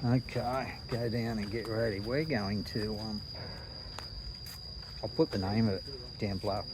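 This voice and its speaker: A man's voice: on the low side, measured pace, background noise. A man with an Australian accent chatting casually to camera in a vlog, blunt and slangy, swearing freely. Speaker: vlogger.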